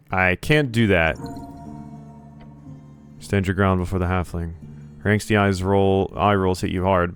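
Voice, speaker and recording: A man hosting a let's play, reading game text aloud with sarcastic, joking asides. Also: low voice. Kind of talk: playing a game and reading along.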